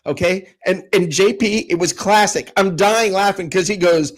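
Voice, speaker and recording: A man co-hosting a casual sports talk show, ranting with sarcasm and mocking others' calm know-it-all tone. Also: sits high, moderate pace, hardly any pauses. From Tampa. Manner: animated, sarcastic, mocks others in a calm put-on voice. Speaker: co-host.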